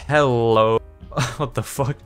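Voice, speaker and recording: A man giving loose, excitable gameplay commentary, swearing freely, laughing often and tripping over his own words. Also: medium pitch, normal speed, soft background music. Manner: rambling, self-interrupting. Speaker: gaming YouTuber.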